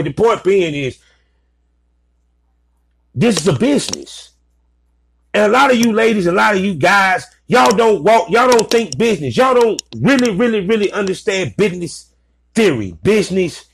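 A man's voice: high-pitched, vocal fry, a little hiss or hum. A man giving blunt, profane business advice in a casual, ranting commentary. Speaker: vlogger giving advice to content creators.

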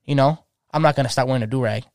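Man in his thirties, DJ, rapid slangy talk, lots of restarts, dry close sound. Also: medium pitch, darkish tone, no echo. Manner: slangy, passionate, frequent restarts and "bro". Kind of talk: casual podcast chat.

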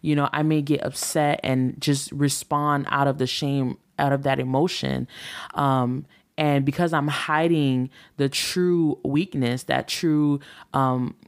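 A woman's voice: very deep voice, fairly even intonation, takes it slowly, clear, resonant tone. A woman in her thirties who hosts a relationship talk show. She talks in a candid, reflective monologue that rambles with fillers.

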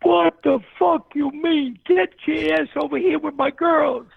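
A man putting on a crude, bossy man who yells across the tennis courts, heard over a tinny phone line. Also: very high-pitched, steady tone, a little slow, creaky, no room sound, pitched above the performer's own voice, full character voice. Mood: scolding. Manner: loud, brash shouting.

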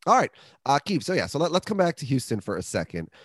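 A man's voice: mid-range voice, quick pace, no room sound, studio quality. A man co-hosting a podcast, joking and rambling through a casual ad read and sports chat. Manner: jokey, rambling, lively. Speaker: podcast co-host.

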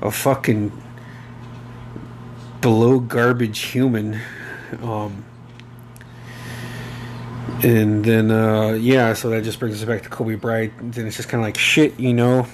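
A man's voice: on the low side, level tone, takes it slowly, long pauses, slight background noise. A man in his thirties hosting a casual solo podcast, rambling and emotional, swearing freely and using many fillers. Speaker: podcast host.

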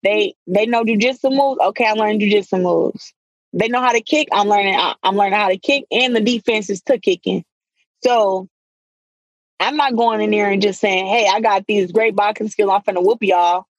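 A young woman with a mid-pitched voice, speaking as an interview guest. She talks bluntly and with energy, and she uses casual slang. Her voice sounds close and dry. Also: normal speed, no room sound, rough recording. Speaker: guest, professional boxer.

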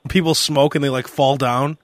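A young man hosting a casual podcast, telling a story in a lively way and acting out the shouting of the people in it. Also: medium pitch, brisk, dry recording, clean studio sound. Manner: animated storyteller who acts out shouted quotes. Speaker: podcast host.

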